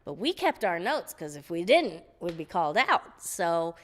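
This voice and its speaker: A woman guest on an interview show, telling stories in a lively, laughing way, often restarting her sentences. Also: fairly low pitch, normal speed. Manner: animated, laughing storyteller with frequent restarts. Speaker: guest vocalist. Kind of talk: casual interview storytelling.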